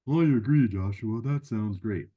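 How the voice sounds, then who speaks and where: A man's voice: lowish voice, measured pace, breathy edge, highs cut off, voice pushed down. A man voicing a cheerful, chatty sidekick puppet who keeps butting in with eager, friendly remarks. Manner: eager, friendly, pops in uninvited.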